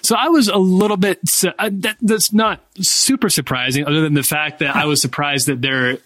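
Bright-voiced young male co-host. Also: fairly high pitch, normal speed, dry recording, poor audio. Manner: relaxed and reflective, with fillers. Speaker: podcast co-host. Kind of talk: casual studio podcast chat.

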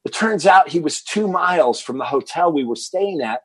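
A middle-aged man from Texas, a guest in an interview, telling stories in an animated way and acting out what people said. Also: a little high, moderate pace, slightly rough, no echo, poor audio. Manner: animated storyteller acting out quoted dialogue. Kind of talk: storytelling interview.

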